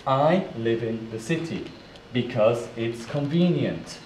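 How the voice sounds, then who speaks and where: Slow, deliberate man drilling pronunciation. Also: medium pitch, expressive, background noise. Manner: spells out letters and repeats words slowly. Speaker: pronunciation teacher. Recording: roomy echo, voice from a distance.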